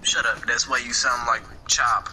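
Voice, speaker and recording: A man loudly joking and trash-talking with friends over voice chat during a racing game. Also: mid-range voice, normal speed. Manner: loud, excitable, trash talk. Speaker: gamer friend. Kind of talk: casual gaming chat with friends. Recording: noisy voice chat with clicks.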